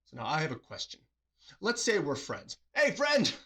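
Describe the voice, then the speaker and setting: A man's voice: on the high side, very animated, moderate pace, sharp tone, slightly rough. A man hosting a reflective solo talk, earnest and questioning, often acting out short quoted replies in a livelier voice. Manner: earnest, asks the listener many questions, acts out quoted replies. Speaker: host.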